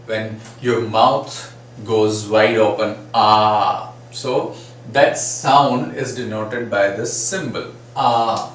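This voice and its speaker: A man teaching a phonetics lesson, repeating example words slowly and asking "right?" often. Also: on the low side, fairly even intonation, fairly bright tone. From India. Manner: frequent "right?" and "uh, say" fillers. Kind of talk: phonetics lecture. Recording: echoey room, mic at a distance, faint noise.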